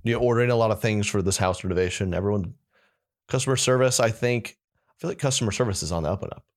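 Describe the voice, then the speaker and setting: A man co-hosting a comedy podcast, chatting in a relaxed, rambling way and laughing often. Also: fairly low pitch, fast talker. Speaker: podcast co-host. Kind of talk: casual comedy chat.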